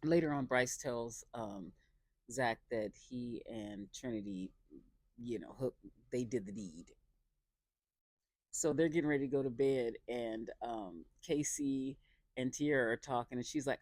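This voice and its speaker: A reality show reviewer gives a casual episode recap in a mid-range, darkish voice with vocal fry, animated yet a little slow, with no room sound. The tone is dry, chatty and opinionated, full of sarcastic asides, loosely delivered with many fillers and restarts.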